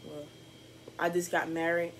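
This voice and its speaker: A young woman talks to her camera in a chatty, candid, upbeat way. Her voice sits a little low for a woman. A faint hiss runs under the recording. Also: flat delivery, unhurried, fairly bright tone, rough recording. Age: young adult. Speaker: vlogger. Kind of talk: casual vlog talk to camera.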